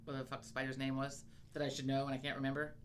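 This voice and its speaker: A woman's voice: very deep voice, racing, a little hiss or hum. An American woman co-hosting a podcast, telling stories in casual, profane chat. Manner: chatty, swears freely, animated storytelling. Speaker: podcast co-host.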